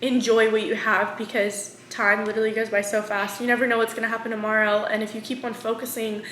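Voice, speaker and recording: A woman's voice: fairly high pitch, little pitch movement, fast, fairly bright tone, echoey room, slight background noise. A woman in her twenties talking candidly to camera in a vlog, full of fillers and close to tears. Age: 20s. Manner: candid, filler-heavy, often near tears. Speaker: vlogger. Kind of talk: emotional casual confessional talk.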